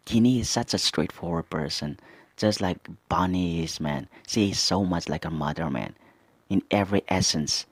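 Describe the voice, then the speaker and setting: A man hosting a manga reaction, reading character lines aloud and commenting with excited asides. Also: deep voice, normal speed, breathy edge, no room sound.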